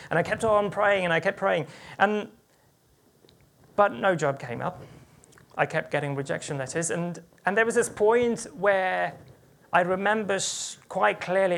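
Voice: mid-range voice, creaky, fairly bright tone, a little hiss or hum. A preacher in church, giving a sermon as earnest personal testimony and often restarting sentences.

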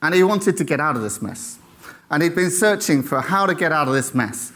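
Man, preacher, lively storytelling, slightly high voice, keeps asking "right?". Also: brisk. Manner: animated, acts out quoted voices, checks in with "right?". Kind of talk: storytelling testimony to an audience.

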